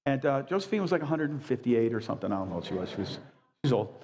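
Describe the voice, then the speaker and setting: A man in his sixties preaching a sermon as a pastor, high-energy and emphatic with folksy asides. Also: sing-song, very fast, darkish tone. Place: church sanctuary. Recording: long church reverb.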